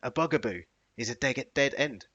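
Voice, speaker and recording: Lively man in casual podcast banter. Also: mid-range voice, normal speed, lo-fi sound. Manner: animated, slangy banter with bursts of playful singing. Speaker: podcast co-host. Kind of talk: casual chat.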